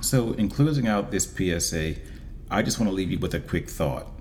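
A man giving a casual, wry monologue as a vlogger, with deliberate pauses. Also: deep voice, lively intonation, loud music behind the voice.

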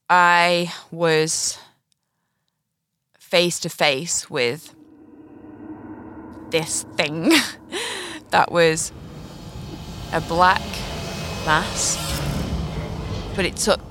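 A woman's voice: low voice, a bit bright, no echo. A woman, recounting a personal experience on a podcast, earnest and reflective, often breaking into short nervous laughs. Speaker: podcast host. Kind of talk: personal storytelling.

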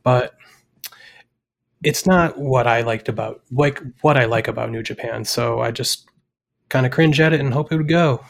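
A man co-hosting a podcast, opinionated in casual chat, with halting restarts. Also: medium pitch, creaky. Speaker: podcast co-host.

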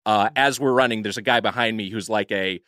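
Man, podcast co-host, rambling anecdote, bright voice, dry close sound. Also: on the low side, brisk, no room sound. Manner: rambling storyteller with many fillers and restarts. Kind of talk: casual chat, telling an anecdote.

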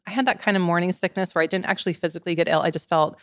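A woman's voice: on the low side, racing, dry recording, studio quality. A woman in her forties, a wellness expert guest, telling stories in casual podcast chat with lots of "like" fillers. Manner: animated storyteller, many "like" fillers.

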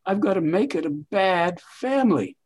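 An older man speaks as a guest in an interview, his voice sitting a little high for a man. He tells stories in an expansive, emphatic way, stretching his phrases for weight. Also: animated, moderate pace, slightly rough. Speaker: veteran TV writer and guest. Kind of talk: reflective interview storytelling.

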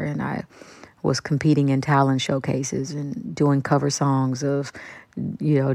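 A woman guest on a radio interview tells a story with animated, excited energy. Her voice is mellow and warm, and the recording is close and dry. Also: extremely low pitch, dry recording. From Kansas City, Kansas. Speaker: musician and actor, interview guest.

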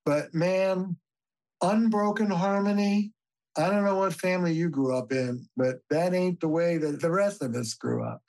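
Older male family therapist, podcast guest; animated, emphatic storyteller, casually profane. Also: high-pitched, unhurried, poor audio. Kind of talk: conversational podcast interview.

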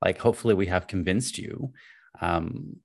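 A man co-hosting a podcast, speaking in a relaxed, plainspoken way. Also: deep voice, moderate pace, vocal fry, husky, no echo, studio quality. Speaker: podcast co-host. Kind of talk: casual podcast chat.

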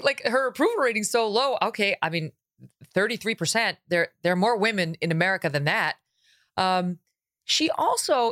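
A woman's voice: fairly low pitch, a bit bright, no echo, studio quality. A woman hosting an interview podcast, talking bluntly and emphatically with an incredulous edge. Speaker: podcast host.

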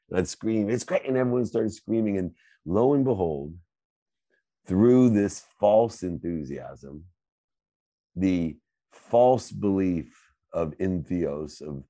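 A middle-aged man hosting a live Q&A, answering questions in a fervent, preachy way that swings between loud bursts and quiet asides. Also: a bass voice, dry recording, clean studio sound. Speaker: host and coach. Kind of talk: motivational Q&A answers.

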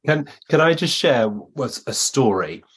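A man, a guest medium, telling lively anecdotes in a podcast interview and acting out the voices he quotes. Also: mid-range voice, a little slow, husky.

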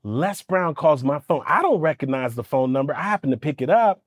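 A man telling a personal story on a podcast, animated and lively, slipping into voices for the people in it. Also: a little high, fairly quick, no room sound, clean studio sound. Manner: lively, does voices for people in his stories, stammers when excited. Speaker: podcast guest, speaking coach. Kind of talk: animated storytelling in casual interview.

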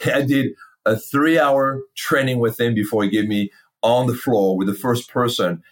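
A man's voice: medium pitch, steady tone, normal speed. A middle-aged man, a fitness company founder, telling his story in a casual interview, candid and cursing freely while acting out old conversations. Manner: candid, swears freely, acts out past dialogue.

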